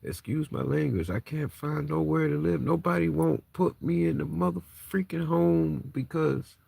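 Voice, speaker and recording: A man's voice: fairly high pitch, normal speed, creaky, warm tone, husky, no echo. A man in his thirties venting raw frustration and distress to the camera, emotionally worn and on the edge of tears, swearing as he talks. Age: 30s. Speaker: vlogger.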